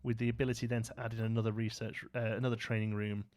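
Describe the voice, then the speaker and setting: A man's voice: fairly low pitch, flat delivery, racing, a little mellow. A man giving live, rambling gameplay commentary as a streamer, chatting with his viewers as he plays.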